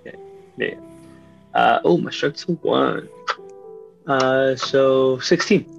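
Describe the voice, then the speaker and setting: A man playing a tabletop game, talking casually and jumping into excited character lines, with faint guitar music behind. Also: medium pitch, takes it slowly, gravelly, highs cut off. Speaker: player.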